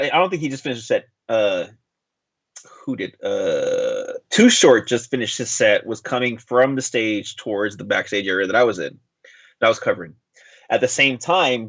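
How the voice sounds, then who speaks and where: A man co-hosting a casual podcast, rambling through a story with lots of fillers. His voice sits at a middling pitch. The recording is dry and a little dull, like lo-fi podcast audio. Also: a bit bright, dry recording. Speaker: podcast co-host. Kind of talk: casual chat.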